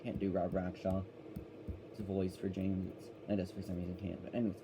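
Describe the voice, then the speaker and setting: A man's voice: deep voice, flat delivery, brisk, background noise. A man giving a casual, rambling review of a children's cartoon, often correcting himself as he goes.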